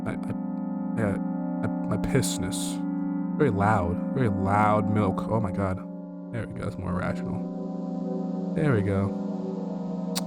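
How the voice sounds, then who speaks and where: A man streaming a game from home, reading its text aloud and rambling in jokey, profane asides, easily startled. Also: on the low side. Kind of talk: casual let's play commentary, reading game text aloud. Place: at home with his dog.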